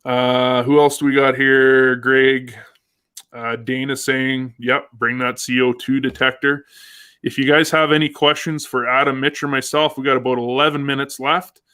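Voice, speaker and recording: A man's voice: medium pitch, level tone, normal speed, bright, forceful tone, clean tone. A man hosting a casual live fishing show, upbeat and chatty, reading out viewer comments. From Canada. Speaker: host.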